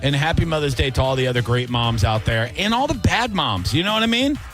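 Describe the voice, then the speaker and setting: A man's voice: a little high, big pitch swings, fairly quick, fairly bright tone, faint music behind. A man hosting a radio show in the studio, joking and teasing his co-host in casual banter.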